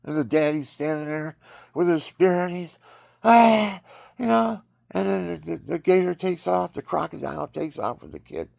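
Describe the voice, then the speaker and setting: A man with a gravelly, husky voice, giving a rambling, preachy religious monologue and acting out scenes with sudden high cries. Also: lively intonation, moderate pace, a little mellow, dry recording, clean studio sound.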